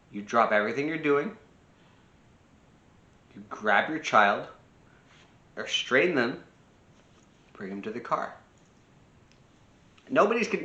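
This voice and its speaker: A man's voice: medium pitch, pushed and bright, echoey room, muffled recording. A man giving casual spoken advice on parenting, talking freely with restarts and acting out short quoted lines. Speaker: personal growth speaker.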